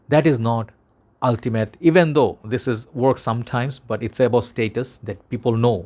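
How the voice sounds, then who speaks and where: A man's voice: mid-range voice, moderate pace, darkish tone. A man with a Bangladeshi accent, talking casually to camera as a fragrance vlogger in an earnest, rambling way, speaking to his viewers like brothers.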